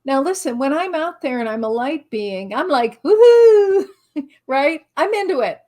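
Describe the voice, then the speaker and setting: A middle-aged woman, a spiritual teacher and author, telling a lively, self-mocking story as an interview guest and acting out her own thoughts. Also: high-pitched, moderate pace.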